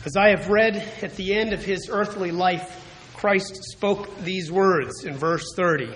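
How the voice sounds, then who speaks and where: A man preaching a sermon as pastor, speaking in a measured, deliberate way and often clearing his throat. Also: high voice, fairly bright tone, slight background noise, low-quality recording.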